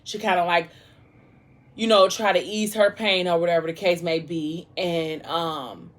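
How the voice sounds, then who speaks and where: A woman's voice: lowish voice, fairly even intonation, unhurried. A woman vlogger casually retelling a novel's plot while eating, rambling and full of fillers. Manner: rambling, heavy use of "like" and "you know".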